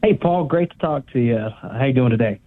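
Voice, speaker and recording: A man from Northeast Tennessee calling a sports radio show, polite and hesitant, with many pauses. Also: mid-range voice, animated. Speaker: radio caller. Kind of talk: polite call-in question. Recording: tinny phone line.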